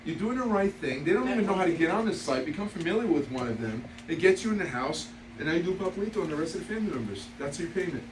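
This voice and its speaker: Animated man coaching a sales team. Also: high-pitched, quick pace, few pauses. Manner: animated storyteller, laughs through anecdotes; blunt, repeats key points. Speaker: sales trainer. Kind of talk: motivational sales training talk. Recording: roomy, distant, noisy room recording.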